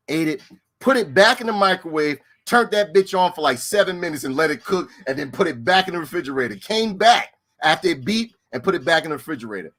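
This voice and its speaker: A middle-aged man tells stories in casual, profane chat. His fairly high voice swoops up and down with a lot of life. He repeats lines for effect. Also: fairly quick. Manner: animated, profane, repeats himself. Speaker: storyteller.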